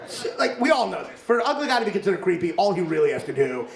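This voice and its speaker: A high, lively male voice delivering a stand-up set, with a gravelly edge under his excited bursts. He is a young adult from Kentucky and works the room loudly at the punchlines. The club sounds roomy, and the laughing crowd is clearly heard behind him. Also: racing. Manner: animated, swings into loud exclaimed punchlines. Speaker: stand-up comedian. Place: comedy club with laughing audience.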